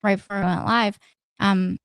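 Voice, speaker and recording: A woman's voice: mid-range voice, flat delivery, normal speed, creaky, no room sound. A young woman co-hosting a casual political podcast, talking in a chatty, matter-of-fact way. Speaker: podcast co-host.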